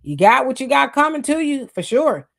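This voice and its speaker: A woman's voice: high-pitched, sing-song, normal speed, gravelly. A woman hosting a live stream, greeting commenters by name and reacting to chat in a casual, talkative way. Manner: chatty, greets commenters, frequent restarts and laughs. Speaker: livestream host reading chat.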